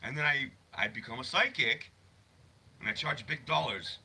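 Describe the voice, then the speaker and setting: A man's voice: medium pitch, animated, moderate pace, bright, forceful tone, slightly rough. A man hosting a casual livestream from his phone, rambling, swearing freely, and answering chat messages. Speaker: livestream host.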